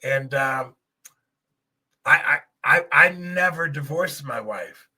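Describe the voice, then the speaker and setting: A man's voice: a little high, expressive, slow, bright, forceful tone, breathy edge. A middle-aged man hosting a podcast, telling a personal testimony in an earnest, emotional way and speaking straight to his listeners. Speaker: podcast host.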